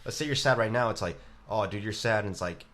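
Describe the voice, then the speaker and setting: A man's voice: fairly low pitch, fast talker, fairly bright tone. A young man co-hosting a podcast, talking casually in slang. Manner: slangy, says dude a lot. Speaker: podcast co-host. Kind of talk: casual chat.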